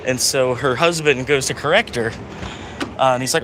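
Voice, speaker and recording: A man's voice: medium pitch, normal speed, pauses often, background noise. A man chatting casually on a live stream while driving deliveries, rambling with lots of fillers. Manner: rambling, laid-back, full of fillers. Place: inside a car on delivery runs.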